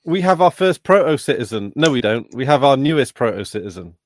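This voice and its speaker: A man's voice: mid-range voice, big pitch swings, no room sound. Male co-host, casual chatty delivery, dry close mic. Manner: chatty, quick asides and questions. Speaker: podcast co-host. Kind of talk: casual chat.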